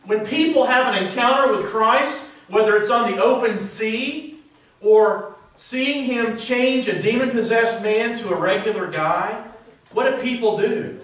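A man's voice: extremely high pitch, a little slow, fairly bright tone. A male pastor preaching a sermon in a church, asking the congregation rhetorical questions. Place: church sanctuary. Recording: very echoey church heard from a distance.

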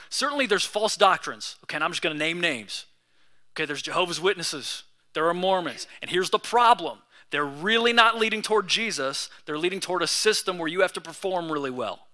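A man's voice: on the high side, bright, forceful tone. A young man preaching a sermon as pastor, in a casual, conversational way with slang.

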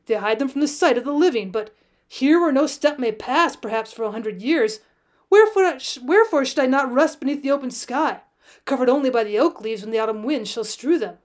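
A woman reads the part of a dying old frontier hunter, calm and firm, his old-fashioned pleading delivered solemnly. The voice sits high and light for the figure, read for a storybook. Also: a little fast. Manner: solemn, pleading, archaic speech.

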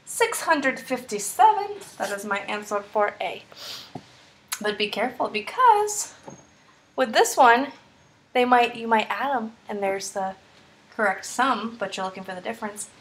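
A young woman teaching third-grade math in a bright, encouraging manner, her voice sitting a little high. She talks each step through aloud as she works problems for kids. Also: lively intonation, a little slow, a little hiss or hum. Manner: upbeat, encouraging, walks through steps aloud. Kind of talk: screen-recorded math tutorial.

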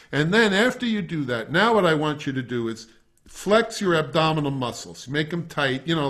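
A man's voice: medium pitch, a bit bright. A middle-aged man giving a masterclass on breathing for wind players, talking casually to the class and walking them through exercises. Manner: conversational, talks to a class and has them try breathing exercises. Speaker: wind instrument teacher. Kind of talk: masterclass lecture.

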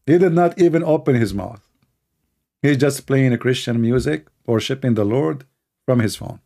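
A man with a non-native English accent hosting a call-in livestream, telling stories in a rambling, animated way. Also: mid-range voice, normal speed, creaky. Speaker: host of a call-in show. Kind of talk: casual livestream talk.

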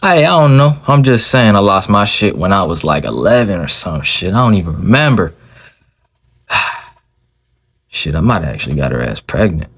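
A boastful middle-aged father serving time, played by a man, bragging in slangy old-school talk. His voice is deep and low. It comes from an amateur animated skit. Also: normal speed, pauses often, full character voice. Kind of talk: amateur animated machinima role-play.

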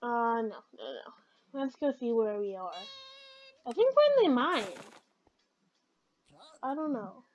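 A woman giving chatty, excitable commentary while playing a game, talking back to it as she goes. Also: on the high side, slow, pauses often, muffled recording, a little hiss or hum. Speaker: let's play gamer.

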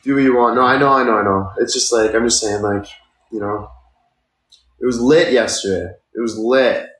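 A man's voice: mid-range voice, fairly even intonation, moderate pace, a bit bright, echoey room. A young man in his twenties, chatting casually on a live stream and thanking viewers for gifts, tired and sore. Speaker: livestreamer.

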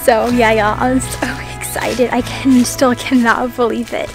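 A woman's voice: fairly high pitch, level tone, measured pace, over music. Bubbly Texan woman, farm vlog. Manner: bubbly, says y'all constantly. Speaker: homestead vlogger. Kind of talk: casual chat to camera. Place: outdoors on a farm.

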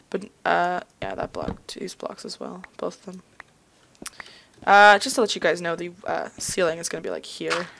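Young woman, gaming video host, casual rambling commentary, gravelly fry, faint background hiss. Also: lowish voice, fairly bright tone. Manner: rambling, chatty, talks to herself while playing.

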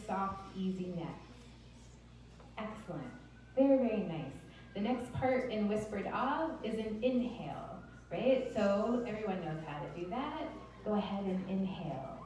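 A woman leads a group exercise in a calm, encouraging voice with a warm, mellow tone. She is heard from well off the microphone in a very reverberant hall. A faint hiss of noise sits underneath. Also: medium pitch. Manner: gentle, encouraging, coaching a group step by step. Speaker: Alexander Technique teacher. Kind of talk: guided group exercise instruction. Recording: roomy distant mic with faint noise.

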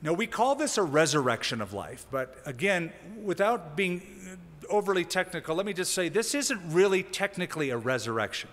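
A man preaching a sermon as a pastor, teaching in a conversational way with lively emphasis. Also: high-pitched, normal speed, long reverb tail. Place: church sanctuary.

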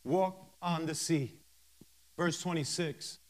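High-voiced, slow-preaching male minister. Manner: reads scripture verse by verse with emphatic pauses; fervent, interjects hallelujah and praise God. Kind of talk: sermon.

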